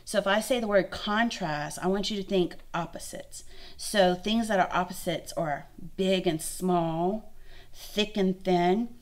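A young woman art teacher walks children through a craft lesson in a friendly, encouraging way. She thinks aloud as she demonstrates, and her voice sits at a middling pitch. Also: a little slow. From Louisiana. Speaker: art instructor.

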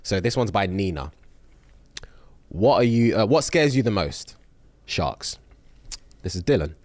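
Low-voiced young male podcast co-host, laid-back, dry close sound. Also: big pitch swings, darkish tone, no echo. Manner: laid-back, quick reactions and affirmations. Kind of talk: casual chat.

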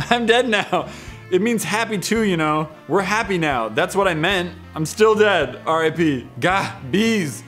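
A man's voice: a little high, lively intonation, measured pace, fairly bright tone, soft background music. A young man hosting a comedy video, playfully reading text messages aloud and joking about them. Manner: playful, jokey, often laughing.

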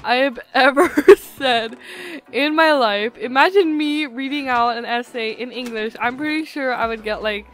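A woman's voice: high-pitched, moderate pace. A young woman giving casual gameplay commentary, hyper and giggly, slightly altered pronunciation from a retainer. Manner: hyper, giggly, excitable, swings between loud shrieks and muttering. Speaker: gaming YouTuber. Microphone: desktop mic, no face cam.

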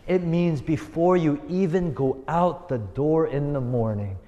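A man's voice: a little high, measured pace, mellow, dull audio. A man preaching as a youth pastor, telling stories earnestly and driving points home with repetition. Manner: earnest storytelling with emphatic repetition. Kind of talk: sermon. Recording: long hall reverb.

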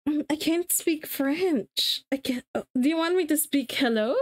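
A woman's voice: high voice, a little slow. A woman live-streaming to her viewers in casual chat, rambling and giggling, restarting her sentences as she fiddles with settings.

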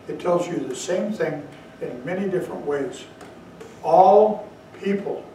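A man giving a dharma talk as a Zen teacher, telling stories with slow emphatic asides, recorded far from the mic in a very echoey hall. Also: fairly high pitch, warm tone, a little hiss or hum. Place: meditation hall.

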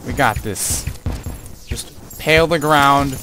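A young man commenting on his own gameplay as he plays, muttering to himself and yelling taunts at enemies. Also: medium pitch, takes it slowly. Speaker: let's play gamer. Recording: game music loud behind the voice.

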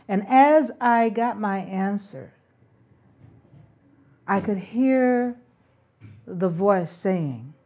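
A middle-aged woman speaking about parenting as a spiritual calling. She talks unhurriedly, her voice dark and mellow. Her tone stays earnest and reflective, with the odd soft laugh. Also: mid-range voice. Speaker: parenting talk host.

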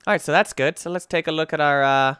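A young man with a smooth, clear voice gives loose, excitable commentary while he plays. He rambles off topic and leans on filler words. The sound is close and dry. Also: fairly high pitch, fast talker, dry recording. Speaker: gaming YouTuber. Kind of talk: casual gameplay commentary.

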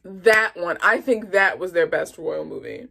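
Chatty woman reviewing a movie, gravelly. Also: lowish voice, unhurried. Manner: chatty and expressive, animated asides. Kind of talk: casual movie review vlog.

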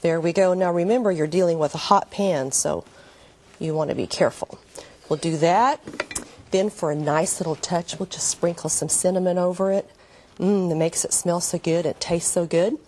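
A woman's voice: on the low side, fairly even intonation, normal speed, a little mellow. An older woman hosting a TV cooking demonstration, talking in a gushing, homey, cheerful way in a kitchen set. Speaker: cooking show host.

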